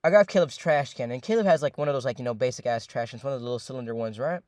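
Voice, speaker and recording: A young man telling a long, rambling story in a casual, profane way, full of fillers and repeats, often addressing his listeners as ladies and gentlemen. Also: medium pitch, rapid-fire, no room sound, clean studio sound.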